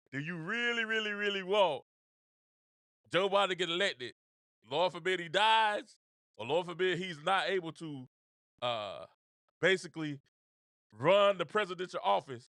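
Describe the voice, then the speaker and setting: A man's voice: sits high, pushed and bright, dry recording, studio quality. A man hosting a show, talking casually and animatedly about the news with slang, repeated phrases and frequent laughter. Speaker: show host. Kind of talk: casual political commentary.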